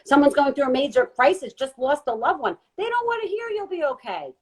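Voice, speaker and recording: A woman guest giving an earnest, gentle spiritual talk during a live online chat. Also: high voice, sing-song, a little fast, poor audio. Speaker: guest intuitive reader. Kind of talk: casual live-stream talk.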